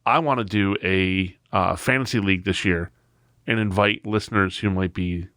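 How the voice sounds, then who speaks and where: A man's voice: low voice, steady tone, moderate pace, fairly bright tone, dry recording, studio quality. A man co-hosting a podcast, telling rambling anecdotes in casual chat. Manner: rambling storyteller. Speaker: podcast co-host.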